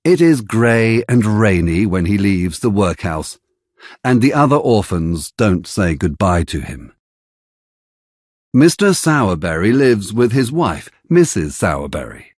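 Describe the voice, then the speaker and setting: A man narrating a graded-reader storybook slowly and carefully, with an expressive, husky voice. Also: fairly low pitch, no echo, studio quality. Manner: careful, deliberate, expressive delivery. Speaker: audiobook narrator.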